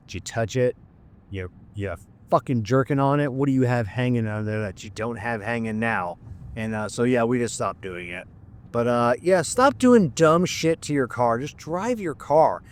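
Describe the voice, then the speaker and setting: A man's voice: mid-range voice, animated, normal speed, slight background noise. A middle-aged man who works as a mechanic, hosting a podcast in a casual monologue and ranting bluntly with lots of swearing.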